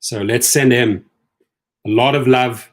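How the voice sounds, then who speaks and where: A man hosting a casual live talk for his viewers, emphatic and repetitive, swinging from heated rants to soft, low condolences. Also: slow. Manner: animated and emphatic, swinging high when worked up, soft and low when consoling; repeats phrases and addresses viewers directly. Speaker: rideshare channel host.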